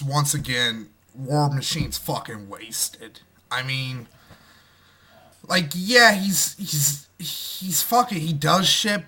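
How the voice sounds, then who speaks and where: A man giving a casual, ranting movie review, heavy with swearing, sliding from low muttering into loud, excited outbursts. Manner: profane, excitable, swings from muttering to shouting.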